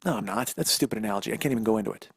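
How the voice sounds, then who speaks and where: A man's voice: lowish voice, racing, gravelly, breathy edge, dry recording, studio quality. A man in his forties hosting a podcast, telling a personal story in a rambling, self-deprecating, profane way, recorded on a phone. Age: 40s. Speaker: podcast host. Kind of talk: solo storytelling monologue.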